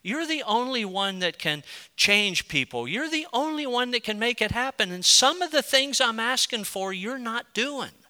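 A middle-aged male pastor preaching a sermon, moving between impassioned pleading and quiet storytelling. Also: very high-pitched, animated, moderate pace.

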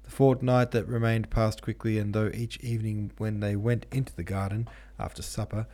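A man reading a classic novel aloud as an audiobook narrator, measured and steady. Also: fairly low pitch. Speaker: podcast host and audiobook reader.

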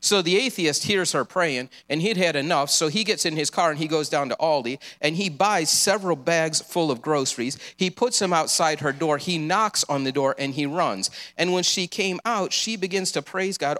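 A man's voice: fairly high pitch, moderate pace, hardly any pauses, bright, forceful tone. A man preaching a sermon, earnest and encouraging, with casual asides.

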